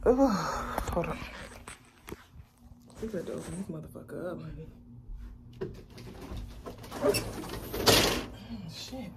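A woman's voice: lowish voice, lively intonation, takes it slowly, pauses often. Blunt, profane young woman vlogging. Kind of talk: casual vlog chat. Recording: loud street traffic noise. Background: passing cars.

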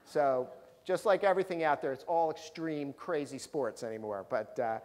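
A man giving a storytelling history talk to a live audience, animated, acting out the people in his stories. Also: fairly high pitch, normal speed. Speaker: professional speaker, local historian. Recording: long reverb of a large hall.

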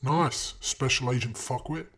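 A man's voice: medium pitch, unhurried, a bit bright, slight background noise. A young man commenting on his own gameplay footage, exasperated and swearing constantly as he hurls insults at himself. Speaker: gaming video creator.

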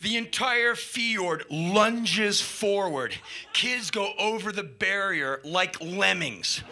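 A man telling a wild anecdote in an excitable, profane way, shouting and mimicking sound effects as he goes. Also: high-pitched, slow. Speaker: spoken-word storyteller.

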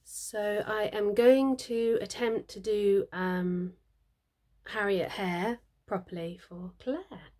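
Woman, casual craft vlog, chatty, thinks aloud, medium pitch. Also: steady tone, takes it slowly, a little mellow. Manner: chatty and chirpy, lots of ums, thinks aloud about her work. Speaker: needle felting vlogger.

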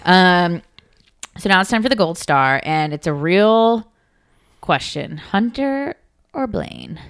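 A woman's voice: on the low side, very animated, slow pace, vocal fry, smooth. A woman co-hosting a podcast, chatting casually as she recaps a reality show and acts out quotes in mock voices. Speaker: podcast co-host.

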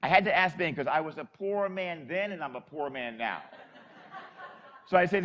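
A man's voice: a little high, lively intonation, fairly quick, a bit bright, slight background noise. A man from Florida, a Catholic priest, telling a story in a sermon in a chatty, folksy way.

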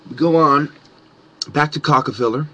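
A man ranting angrily to camera with heavy swearing and mocking sarcasm, his voice swinging between loud outbursts and low muttering. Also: moderate pace. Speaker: conspiracy vlogger. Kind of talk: angry profane rant to camera.

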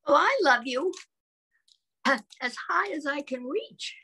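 A woman's voice: high voice, animated, slow, bright, forceful tone, voice pushed up, full character voice, rough recording. A woman voicing an eager little boy hare. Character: small sleepy young male hare, eager.

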